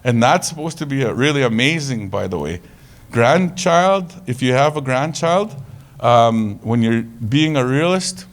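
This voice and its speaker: Male presenter, relaxed and humorous, tells stories to a crowd at an average pitch. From Canada. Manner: casual, joking, animated storytelling. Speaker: conference presenter. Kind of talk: conference talk.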